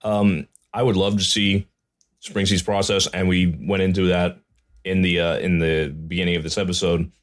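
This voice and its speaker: A man's voice: deep voice, level tone, moderate pace. A man from the New York suburbs co-hosting a music podcast, talking in a laid-back casual way while sick. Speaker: podcast co-host. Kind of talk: casual chat.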